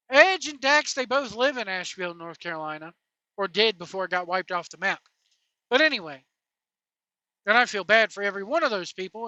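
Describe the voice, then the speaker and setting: A woman's voice: high voice, sharp tone, no room sound. A woman giving ranting commentary in a sarcastic, indignant, rambling way. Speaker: wrestling commentary vlogger. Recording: dull, dry lo-fi sound.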